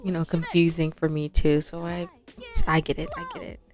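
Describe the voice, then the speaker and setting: A woman's voice: low voice, level tone, darkish tone, close to an everyday voice. Woman voicing a flustered young sim woman. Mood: hesitant. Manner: halting, trailing off, many restarts. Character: awkward young woman turning down nothing, flustered and apologetic.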